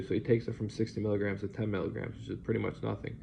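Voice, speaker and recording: A man's voice: on the low side, flat delivery, fast talker, creaky. A man rambling through an agitated personal monologue, swearing now and then. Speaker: vlogger. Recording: lo-fi recording with faint hiss.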